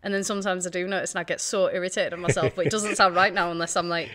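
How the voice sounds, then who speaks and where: A woman's voice: fairly low pitch, fairly even intonation, rapid-fire, a bit bright. A woman in her thirties with a Yorkshire accent tinged with Geordie, chatting frankly as a podcast guest and laughing easily. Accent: Yorkshire mixed with Geordie. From Leeds, England. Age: 30s. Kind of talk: casual conversational interview.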